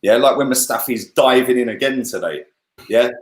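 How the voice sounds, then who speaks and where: A man giving a casual, animated football review on a livestream, full of "yeah?" and "bruv". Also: mid-range voice, normal speed, roomy sound. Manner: animated, lots of "yeah?" and "bruv", laughs often. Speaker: football channel host.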